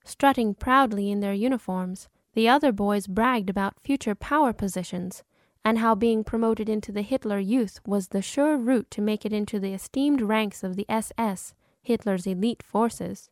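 A woman giving dramatic, measured scripted narration of an audiobook. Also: mid-range voice, dry recording, studio quality. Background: cinematic music score.

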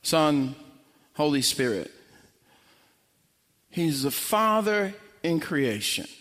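High, lively-voiced man preaching. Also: drawn-out words. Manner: emphatic, swinging from loud to hushed. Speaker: pastor. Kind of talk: sermon. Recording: long hall reverb.

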